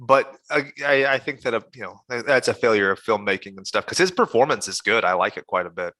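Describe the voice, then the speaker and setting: A man's voice: on the low side, animated, fairly quick, bright, forceful tone, no room sound. A man co-hosting a podcast in casual chat, blunt, enthusiastic and freely profane. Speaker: podcast co-host.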